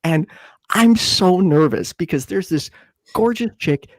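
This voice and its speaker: Animated young man telling a story. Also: a little slow, no echo. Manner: animated, acts out quotes in a high voice. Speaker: podcast co-host. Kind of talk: casual chat, storytelling.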